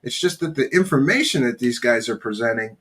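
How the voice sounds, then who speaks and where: A man with a slightly hoarse voice from a cold, hosting a casual spoken review, opinionated and blunt, with many pauses and fillers. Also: medium pitch, expressive, a bit bright. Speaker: show host reviewing a documentary.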